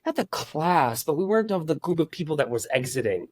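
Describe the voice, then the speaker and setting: A man in his forties from Iran, a guest in a casual interview, talking in halting starts with lots of restarts. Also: fairly high pitch, very animated, no echo, clean studio sound. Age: 40s.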